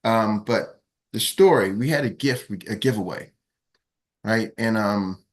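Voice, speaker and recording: A man, a team coach telling a lively story on a morning call, acting out quotes in raised voices. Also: on the low side, a little slow.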